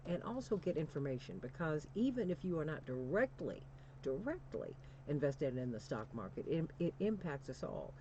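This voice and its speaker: A woman's voice: deep voice, lively intonation, moderate pace, warm tone. A woman hosting a radio talk show, speaking in an emphatic, rousing way. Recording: dull lo-fi radio audio with faint hum.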